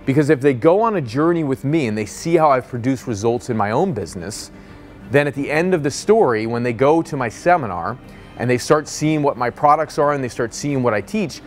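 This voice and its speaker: A man's voice: medium pitch, fairly quick, soft background music. A man giving a motivational sales lesson as a business coach, telling stories and acting out the people in them. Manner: energetic, storytelling, acts out quoted voices.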